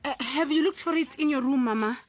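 A woman's voice: high-pitched, quick pace, close to an everyday voice. A woman with a South African accent plays a nervous young son who stammers and apologizes, with crowd noise behind. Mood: anxious. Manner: stammering, hesitant.

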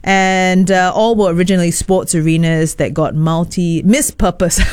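A woman with a Singaporean accent hosting a morning radio show, bubbly and quick to laugh, moving from chat to traffic updates. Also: fairly low pitch, lively intonation, dry recording. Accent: Singaporean English. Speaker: radio host.

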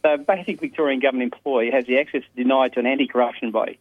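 Fast-ranting man on a phone line. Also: medium pitch, steady tone, no room sound. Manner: rapid, ranting, laughs mid-sentence. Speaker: caller.

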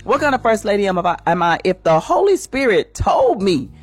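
Animated woman host preaching on morning radio. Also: mid-range voice, normal speed, husky, soft background music. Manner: preachy, emphatic, acts out quoted voices. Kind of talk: inspirational radio talk, sermon-like.

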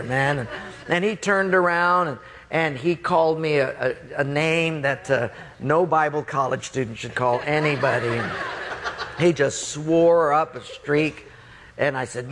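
A preacher telling a story from the pulpit in an animated, expressive and playful way. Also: male voice, fairly high pitch, long reverb tail. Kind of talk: sermon storytelling.

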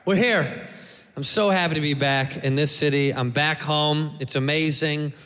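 Crude high-voiced male stand-up comic. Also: normal speed, a bit bright. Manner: crude, playful, acts out voices. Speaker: stand-up comedian. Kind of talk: stand-up set. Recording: hall reverb, faint noise.

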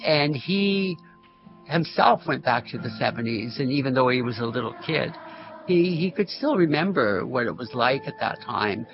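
A retired music teacher, an older man, tells interview stories with frequent chuckles, his mid-range voice expressive and creaky at a normal speed. The audio is a dull lo-fi recording.

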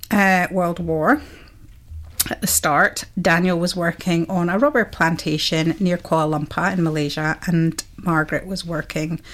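A woman presenting a casual radio history segment, chatty and correcting herself with fillers as she goes. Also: lowish voice.

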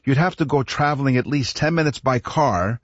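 A husky, mid-pitched man from Canada co-hosts a talk radio show in an easy, storytelling way. He circles back, repeats words and chuckles as he talks. The studio sound is dry and a little muffled. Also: a little fast, no room sound. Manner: rambling, repeats words, chuckles through stories. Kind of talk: casual radio chat, storytelling.

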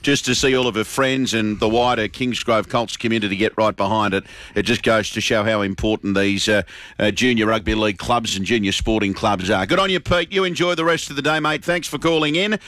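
A man hosting a sports radio show in relaxed, matey banter. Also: on the low side, brisk, no room sound. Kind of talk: casual radio chat.

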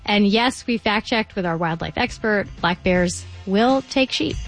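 A woman's voice: mid-range voice, expressive, a little slow, soft background music. A female radio host introducing listener stories in a friendly, scripted way.

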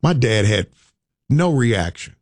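A man telling a personal story in a folksy, humorous way, with vivid phrasing and dramatic pauses. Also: mid-range voice, big pitch swings, no echo, clean studio sound. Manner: humorous asides. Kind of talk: storytelling talk.

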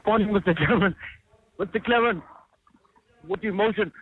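High-voiced older man on a phone line. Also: lively intonation, a little fast, slight background noise. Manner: earnest, stammering restarts. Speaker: caller. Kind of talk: phone-in testimony.

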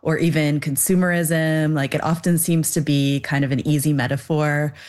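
Young woman guest, low voice, thoughtful, unhurried explainer with "um"s. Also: fairly even intonation, darkish tone. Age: young adult. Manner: thoughtful, explanatory, many fillers. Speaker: filmmaker guest. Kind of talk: interview answer.

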